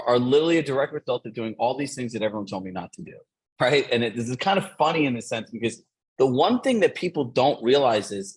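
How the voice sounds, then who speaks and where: A man coaching real estate agents in a motivational session, upbeat and energetic, dropping in "right?" and "like". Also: medium pitch, breathy edge, low-quality recording.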